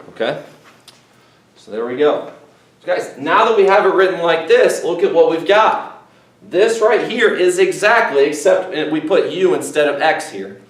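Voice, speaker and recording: A man teaching a calculus lesson, walking his students through each step and checking in with them often. His voice sits a bit high for a man. It sounds distant from the microphone, in a room with a noticeable echo. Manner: explains step by step, often saying "okay" and "guys". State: voice cracking a little. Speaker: math teacher. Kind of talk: classroom math lecture. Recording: echoey room, mic far off.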